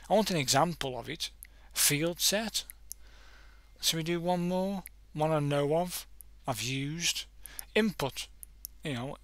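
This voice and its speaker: A man runs a casual screen-recorded coding lesson, rambling and self-correcting as he browses examples. His voice is bright and forward. The recording is dry, with no room sound. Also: on the high side, no echo. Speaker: coding tutorial host.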